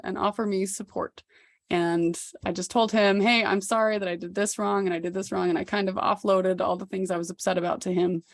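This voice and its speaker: A woman in her thirties telling a personal story on a podcast, candid and reflective. Her mid-range voice carries a gravelly fry. The sound is dry and close, with no room around it. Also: medium pitch, no echo. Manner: candid, reflective, with occasional laughs. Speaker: podcast co-host.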